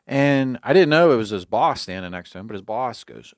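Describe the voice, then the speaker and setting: A man's voice: medium pitch, quick pace, dry recording, clean studio sound. A man hosting an outdoors podcast, telling a long story and acting out the other people's lines with sarcasm. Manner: animated storyteller acting out quoted exchanges, sarcastic. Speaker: podcast host. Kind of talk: storytelling, recounting a dispute.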